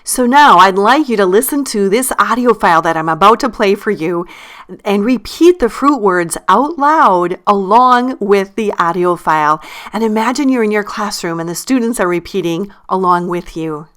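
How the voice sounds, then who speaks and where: A woman presents a language curriculum for teachers in an upbeat instructional tone. Her voice is smooth and clear, and she slows right down to model words for listeners to repeat. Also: medium pitch, animated, fairly bright tone. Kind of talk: instructional walkthrough.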